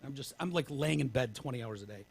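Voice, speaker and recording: A man from Michigan, a podcast co-host telling a long story in casual, profane talk. He drops to hushed whispers when quoting himself. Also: mid-range voice, lively intonation, quick pace, gravelly.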